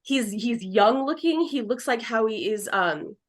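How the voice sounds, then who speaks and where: Rambling, animated woman medium. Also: a little high, measured pace. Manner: rambling, animated, acts out quotes. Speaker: psychic medium. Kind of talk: casual chat.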